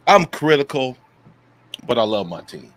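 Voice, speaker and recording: A man's voice: medium pitch, big pitch swings, unhurried, a bit bright, low-quality recording. A man co-hosting a casual sports podcast, talking emphatically in slangy, preachy asides. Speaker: podcast co-host.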